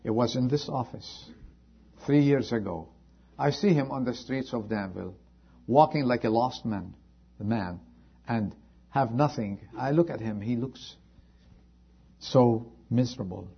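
Husky preacher, loud then hushed. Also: male voice, mid-range voice, measured pace, lo-fi sound. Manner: swings between loud pleading and hushed warnings. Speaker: pastor. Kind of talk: sermon.

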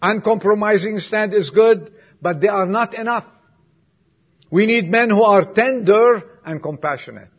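A man preaching a sermon to his congregation, swinging from emphatic lines to soft, quiet asides and putting questions to the listeners. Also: sits high, a little slow, husky, lo-fi sound. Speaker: pastor.

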